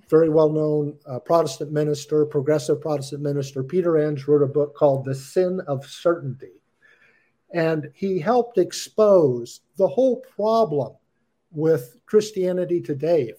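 A middle-aged man hosting a reflective discussion, speaking in a measured, thoughtful way. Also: on the high side, warm tone.

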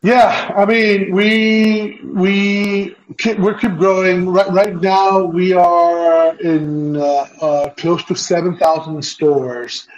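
A man's voice: high voice, little pitch movement, slow pace, hardly any pauses. A man being interviewed over a video call as an entrepreneur guest, talking casually with many fillers and restarts. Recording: dull lo-fi audio.

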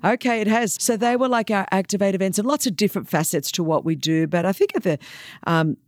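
Australian woman guest in her forties: energetic, emphatic, quick to laugh. Middle pitch, dry sound. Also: no echo. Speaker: guest speaker. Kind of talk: casual podcast interview.

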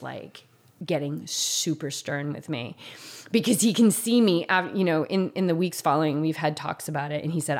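A woman with a somewhat low voice tells a personal story in candid, casual conversation. She talks earnestly and emotionally, often restarting sentences and leaning on "like" as she goes.

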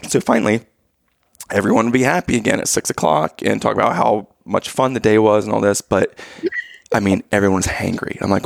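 Creaky-voiced man telling a lively story. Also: lowish voice, moderate pace, pauses often, no room sound. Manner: animated storyteller, acts out quoted voices. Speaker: podcast co-host telling a family story. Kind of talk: casual storytelling chat.

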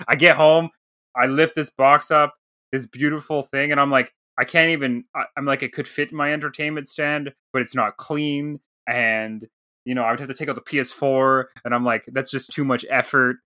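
A man in his thirties tells a casual story on a podcast, slipping into the voices of the people in it. His voice is bright and forward. The sound is dry and close, with no room around it. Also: medium pitch, moderate pace, no echo. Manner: animated storyteller, acts out quoted dialogue. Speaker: podcast co-host.

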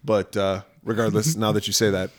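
A man co-hosting a film podcast, recapping scenes in a profane, animated way with quick voiced asides. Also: on the low side, dry recording, clean studio sound. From New York. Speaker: podcast co-host. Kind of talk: casual film-discussion chat.

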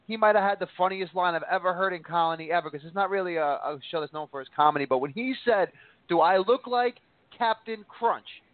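A man's voice: high-pitched, quick pace, few pauses, no echo. A man on a podcast panel, giving wry, joking comments about a TV episode. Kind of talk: casual TV recap chat. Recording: dry, phone-like audio.

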